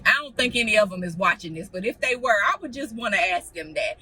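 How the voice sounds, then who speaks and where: Bright-voiced, blunt young woman vlogger. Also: medium pitch, quick pace, few pauses, breathy edge, far from the mic, rough recording. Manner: blunt, animated, acts out quotes. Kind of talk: casual chat to camera.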